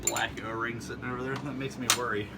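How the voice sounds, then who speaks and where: A man with a dry, teasing manner banters and jabs sarcastically while working on a car. His voice sits in a middle pitch, and garage noise comes through clearly behind him. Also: flat delivery, fast. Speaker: friend and car owner. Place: home garage. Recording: garage recording with background noise.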